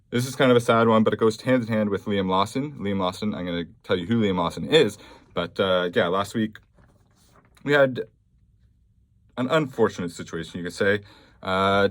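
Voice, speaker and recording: A man with a somewhat low voice hosts a casual solo podcast. He talks in a blunt, offhand way, reading news aloud with plenty of fillers. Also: dry recording. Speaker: podcast host.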